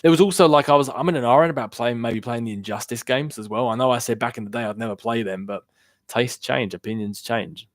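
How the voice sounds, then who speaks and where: A man's voice: mid-range voice, quick pace, no room sound, clean studio sound. A young man chatting casually on a gaming live stream, rambling loosely and answering viewer questions from chat. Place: home room. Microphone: worn-out desk microphone.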